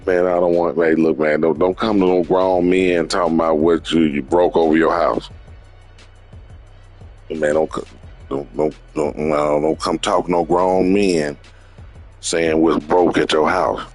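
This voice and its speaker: A man's voice: a bass voice, little pitch movement, measured pace, darkish tone, faint music behind. A male video game streamer trash-talking rivals in game chat, boastful and teasing, repeating himself.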